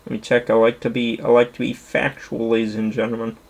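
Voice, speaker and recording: Young male streamer, gravelly and husky, excitable rambling host. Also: mid-range voice, fairly quick, few pauses. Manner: rambling, excitable, swears casually. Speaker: streamer showing his movie collection. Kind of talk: casual chat.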